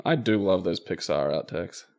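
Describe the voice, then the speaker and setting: A man's voice: deep voice, animated, normal speed, a little mellow. A man co-hosting a casual game commentary, often laughing and swearing as he banters and tells anecdotes. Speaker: co-host playing the game.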